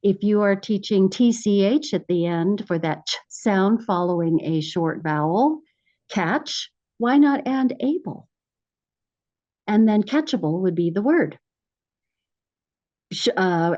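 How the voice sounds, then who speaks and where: Woman teaching a webinar, upbeat, keeps saying "right?", warm mellow voice, kinda muffled lo-fi audio. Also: medium pitch, lively intonation, unhurried. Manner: enthusiastic, checks in with frequent "right?". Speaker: literacy educator presenting a webinar. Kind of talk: teacher-style presentation.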